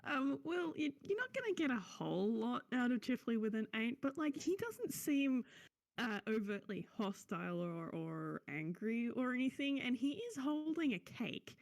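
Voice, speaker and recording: A woman taking her turn in a tabletop game, explaining what her character does. Her voice is on the high side and swings widely in pitch, with frequent giggles. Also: big pitch swings, normal speed, a little mellow. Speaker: player.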